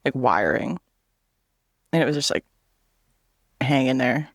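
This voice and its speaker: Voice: medium pitch, expressive, a little slow, dry recording, clean studio sound. A man in his thirties telling a personal story in a casual vlog chat, swearing freely and acting out what other people said.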